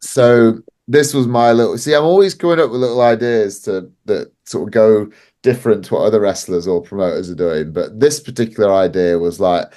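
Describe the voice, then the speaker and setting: A wrestling promoter appears as a podcast guest, chatting casually and telling stories, laughing a lot and peppering his speech with "like." His voice is on the low side with a dark tone, and he talks a little fast.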